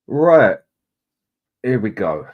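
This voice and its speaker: Deep-voiced chatty man. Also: big pitch swings, very slow, narrow, tinny audio. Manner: chatty, greets viewers, drowsy and laid-back. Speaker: livestream host. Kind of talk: casual live chat.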